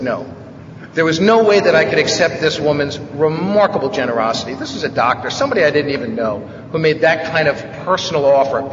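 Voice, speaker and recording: Man from the Bronx, fairly high voice, wry joking storyteller at a recovery meeting, caught from afar in a big echoing hall on a dull recording. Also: a bit bright, a little hiss or hum. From the Bronx, New York. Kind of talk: personal recovery talk, humorous storytelling. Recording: echoey hall, distant mic, dull sound.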